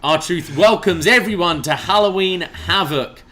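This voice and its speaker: A British man whose accent has drifted toward Canadian co-hosts a casual podcast, recapping events in a dry, understated way. His voice is high, pushed, and bright, and he speaks unhurriedly, with slight background noise in the recording.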